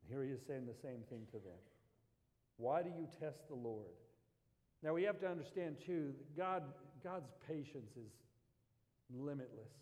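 A man's voice: mid-range voice, animated, unhurried, a little mellow, big-room sound. A man preaching a Sunday sermon, reading scripture and rising to impassioned pleas. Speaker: pastor.

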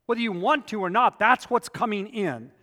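A man's voice: sits high, moderate pace, sharp tone, big-room sound. A man preaching a sermon as pastor, emphatic and repetitive, telling personal stories to make his points.

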